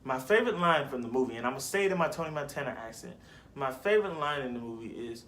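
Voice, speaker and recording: A man's voice: medium pitch, expressive, quick pace, a bit bright, slight background noise. A young man chatting casually about his favorite movies, rambling and slangy, correcting himself as he goes. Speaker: vlogger. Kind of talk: casual movie list chat.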